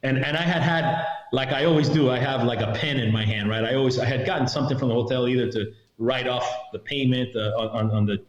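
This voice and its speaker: A middle-aged man, a retired federal agent, recounting a story in a podcast interview as an animated storyteller who acts out what others said. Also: medium pitch, fast, few pauses. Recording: roomy, slightly dull sound.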